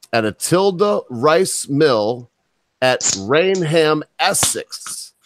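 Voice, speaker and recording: A man from the United States hosts a casual talk show, reading the news and cutting in with crude, scornful remarks. His voice sits at an ordinary middle pitch. The sound is dry and close, with no room around it. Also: dry recording. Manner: blunt, mocking, with crude asides. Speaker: podcast host.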